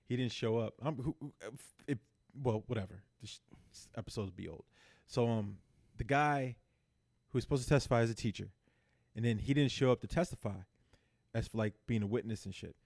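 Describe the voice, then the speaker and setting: A man co-hosting a podcast, excitedly retelling a TV episode in casual chat, acting out the characters and swearing freely. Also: medium pitch, fairly quick. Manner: animated storyteller acting out characters, heavy swearing. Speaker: podcast co-host.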